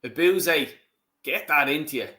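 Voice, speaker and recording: An Irish man hosting a football watch-along, chatting casually and swearing loudly at the match. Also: fairly high pitch, animated, a little slow.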